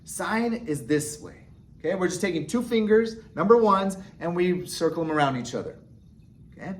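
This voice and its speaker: A man's voice: sits high, animated, normal speed. Patient man teaching sign language. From United States. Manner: patient, step-by-step, repeats "okay?" to check in. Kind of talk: instructional explanation.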